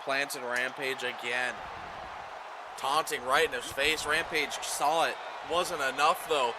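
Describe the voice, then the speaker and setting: A man doing play-by-play commentary over a video game wrestling match, calling moves quickly and getting louder at near-falls. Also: medium pitch, background noise. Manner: rapid play-by-play calls, rising excitement at near-falls.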